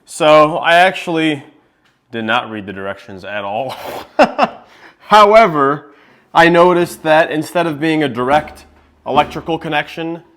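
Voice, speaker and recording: A man's voice: a little high, moderate pace, a bit bright. Chatty young man vlogging at home. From New Hampshire, USA. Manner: chatty, jokey, talks to camera while working. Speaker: fish-keeping vlogger. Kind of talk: casual vlog chat. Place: home basement and rooms.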